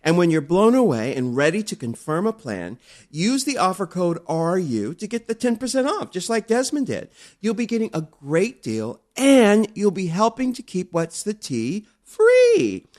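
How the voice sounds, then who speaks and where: A middle-aged man co-hosting a podcast in a playful, campy way, gushing through casual chat and a read-out ad. His pitch sits a bit high and swings widely. He sounds effusive and animated. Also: moderate pace. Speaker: podcast co-host.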